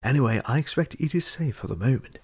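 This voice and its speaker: A man voicing a calm, willing male dwarf in a storybook reading, steady and matter-of-fact. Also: medium pitch, quick pace, breathy edge, no room sound.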